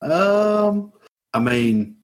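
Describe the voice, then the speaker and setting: Slow-talking man hosting a quiz. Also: sits high, sing-song. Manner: slow, laughs often. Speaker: quiz host.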